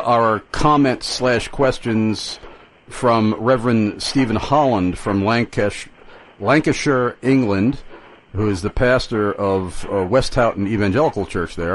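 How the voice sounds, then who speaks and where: A man hosting a call-in radio show, moving quickly between segments and reading out listener emails. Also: medium pitch. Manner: brisk, reads listener emails aloud. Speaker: radio talk show host. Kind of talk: live call-in radio talk.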